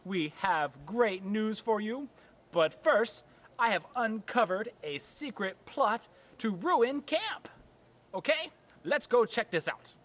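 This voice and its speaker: A man's voice: high-pitched, expressive, takes it slowly, a bit bright, exaggerated voice. A man doing a chirpy sock puppet hero. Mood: excited. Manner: eager, sing-song presenter. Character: cheerful male talking sock puppet hero. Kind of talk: homemade puppet skit.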